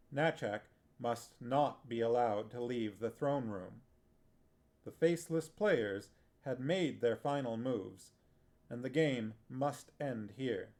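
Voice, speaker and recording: A man streaming himself reading a fantasy novel aloud. His delivery is steady and slow, with a gravelly edge. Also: medium pitch. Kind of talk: book narration with chat asides.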